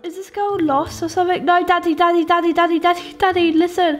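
A young woman giving excitable gaming commentary, shrieking and pleading with characters on screen. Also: very high-pitched, fast talker, hardly any pauses. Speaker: gaming YouTuber. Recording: game music behind voice. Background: music.

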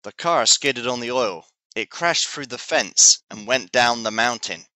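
A man teaching English, reading a children's story aloud slowly and clearly. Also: mid-range voice, lively intonation, sharp tone, no echo. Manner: slow, clear, deliberate reading.

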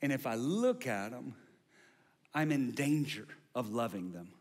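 A man preaching a sermon as pastor, building to loud, repetitive refrains. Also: mid-range voice, sing-song, measured pace, big-room sound.

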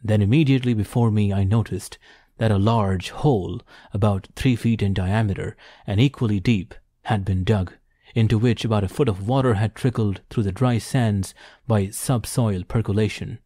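A man narrating an audiobook in a measured, formal storytelling manner. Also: lowish voice, warm tone, no echo, clean studio sound. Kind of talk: scripted narration.

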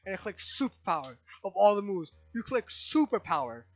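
A young man commentating his own video game playthrough with loud, exasperated outbursts and slangy talk. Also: sits high, very animated, brisk, no echo. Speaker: let's play host. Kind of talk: gaming commentary.

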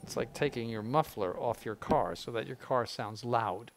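A man's voice: mid-range voice, normal speed. An older man, a bishop, giving an informal spiritual conference in a blunt, conversational way with frequent asides.

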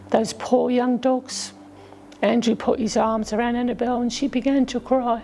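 A woman from England narrating a children's storybook aloud, gently voicing the characters' lines as she goes. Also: fairly high pitch, little pitch movement, moderate pace, low-quality recording. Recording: faint music behind.

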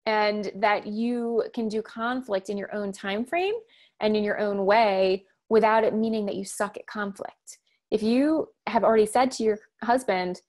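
During an interview conversation, a woman in her thirties who works as a communication coach tells stories with emphatic, animated energy and acts out quotes. She speaks in a mid-range voice at a slightly slow pace.

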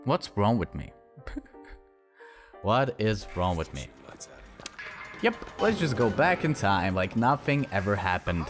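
A man commenting while playing a shooter game, excitable and swearing, often yelling at enemies. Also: fairly low pitch, takes it slowly, pauses often, over music. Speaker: gaming channel host. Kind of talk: let's play commentary.

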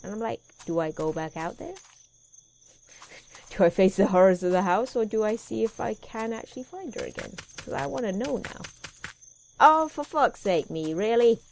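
A woman's voice: mid-range voice, expressive, moderate pace, gravelly, mellow, slight background noise. A young woman commentating a horror game as she plays, sweary, sarcastic and jumpy. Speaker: let's play gamer.

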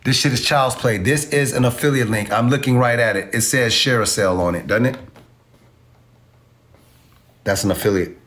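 A man's voice: mid-range voice, moderate pace, long pauses, a bit bright. A man teaching online marketing in a casual livestream, brash and profane, talking to his viewers with swagger. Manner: addresses viewers as y'all.

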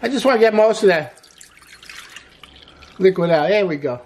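A man's voice: high voice, expressive, moderate pace. A middle-aged man hosting a cooking show as a chef, chatty and upbeat, walking through a recipe step by step with frequent exclamations. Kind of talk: casual cooking demonstration.

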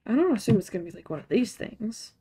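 A woman's voice: medium pitch, big pitch swings, fast, dark tone, slightly rough. A woman streamer giving casual, rambling gameplay commentary with a chatty, self-mocking way of talking.

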